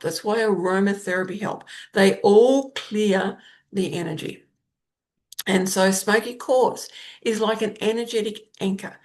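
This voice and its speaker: A woman hosting a solo podcast in a casual, chatty way, laughing at her own stumbles and often trailing off softly at the end of sentences. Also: mid-range voice. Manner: chatty and warm about crystals, laughs at her own stumbles over words. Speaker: podcast host, spiritual guide.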